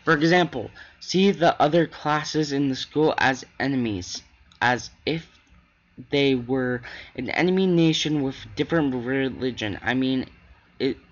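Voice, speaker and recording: A man's voice: mid-range voice, unhurried, natural voice. A man reading the lines of a serious, studious young schoolgirl in a game, matter-of-fact and blunt, on a dull lo-fi recording. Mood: earnest.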